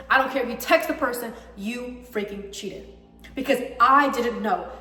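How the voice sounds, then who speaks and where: A woman's voice: a little high, a bit bright. A young woman ranting heatedly about a breakup, emphatic and swearing freely. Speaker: vlogger. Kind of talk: personal storytime rant. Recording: echoey room with long reverb.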